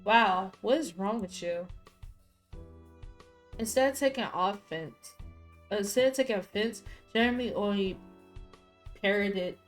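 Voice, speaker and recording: A woman streaming a story game, reading its text aloud and breaking into loud, profane outbursts. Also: mid-range voice, a little slow, pauses often, faint music behind. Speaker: gaming streamer.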